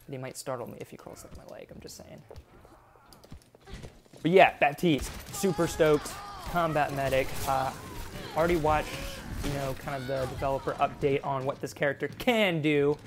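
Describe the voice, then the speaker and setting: An excitable man chats through his gameplay, laughing often and quickly distracted. His voice sits a bit high for a man, and a steady noise hums behind him. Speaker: gaming YouTuber. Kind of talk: casual gameplay commentary.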